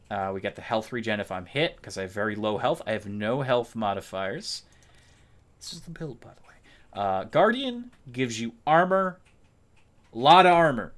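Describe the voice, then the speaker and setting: This man is a game streamer doing casual live commentary, chatty and explanatory as he shows viewers his build mid-game. His voice is on the low side and a bit bright.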